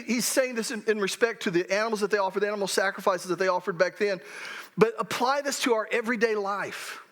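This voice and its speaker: A middle-aged man with a rather high voice preaches in a church. He talks to the congregation in an easy, conversational way and often restarts his sentences as he works through a point. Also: fairly bright tone. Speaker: pastor. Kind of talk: sermon. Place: church sanctuary.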